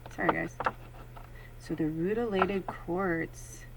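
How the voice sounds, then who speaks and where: A woman's voice: on the low side, slow, background noise. A woman working as a psychic medium, talking casually and animatedly to viewers during a card reading. She swears freely and acts out her own thoughts in quoted asides.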